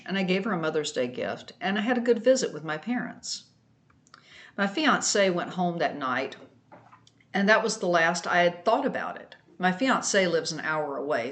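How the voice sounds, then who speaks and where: A woman narrating a storytime vlog about a family dispute, in a calm, subdued, matter-of-fact way. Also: fairly low pitch. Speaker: vlogger, night shift nurse.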